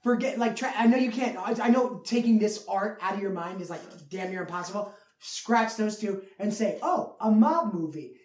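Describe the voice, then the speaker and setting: A woman co-hosting a podcast in casual, crude banter, animated and profane with lots of laughter. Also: medium pitch, normal speed, echoey room. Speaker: podcast co-host.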